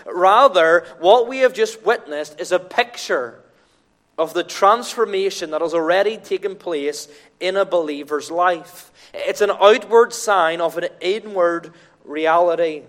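High-voiced earnest preacher. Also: male voice, unhurried, a bit bright. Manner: earnest, emphatic, repeats key phrases. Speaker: pastor. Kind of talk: sermon. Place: church during a baptism service.

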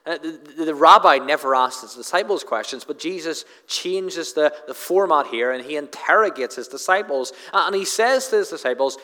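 A man's voice: a little high, lively intonation, normal speed, hardly any pauses, sharp tone. A man preaching an expository sermon in an earnest manner, often repeating words as he drives home a point. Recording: long hall reverb.

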